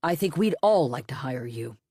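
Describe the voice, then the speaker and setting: A woman's voice: sits low, expressive, normal speed, warm tone, slightly rough, dry recording, clean studio sound, full character voice. A woman voicing an earnest, wealthy father in an audiobook, insistent in manner.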